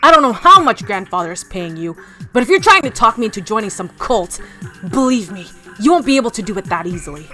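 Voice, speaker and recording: A woman's voice: medium pitch, big pitch swings, quick pace, sharp tone, faint music behind. A woman voicing a stubborn, skeptical teenage boy in a blunt, defiant way while reading a visual novel aloud.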